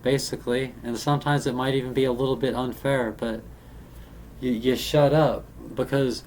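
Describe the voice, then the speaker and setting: A man talking in a casual, rambling monologue, halting and restarting often with many fillers. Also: medium pitch, steady tone, darkish tone. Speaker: vlogger. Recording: faint background noise.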